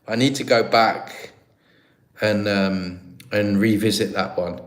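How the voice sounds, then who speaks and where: English man, livestream host, rambling casual chat, lowish voice, laughs easily. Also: steady tone, takes it slowly. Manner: rambling, chatty, with frequent restarts and laughs. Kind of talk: casual livestream chat reading viewer comments.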